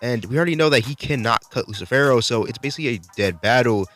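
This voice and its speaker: A man's voice: mid-range voice, animated, fast talker, fairly bright tone, faint music behind. A man casually reviewing a manga chapter, swearing freely as he recaps the fights. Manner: laid-back, profane, enthusiastic recapping. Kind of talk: casual video commentary.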